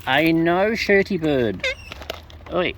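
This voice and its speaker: A woman with a deep, expressive voice talks slowly in casual baby-talk, cooing at the wild birds she feeds. She's outdoors filming them, in a noisy recording thick with birds.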